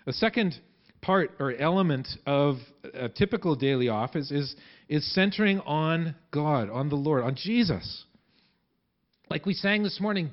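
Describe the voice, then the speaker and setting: A man's voice: a little high, animated, muffled recording. A man preaching a sermon in a church, talking conversationally and often restarting his sentences. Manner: conversational, halting with many restarts. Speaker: pastor.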